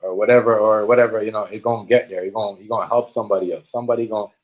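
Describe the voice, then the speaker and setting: A man streaming a casual monologue, talking in animated street slang and repeating himself. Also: on the low side, racing, narrow, tinny audio.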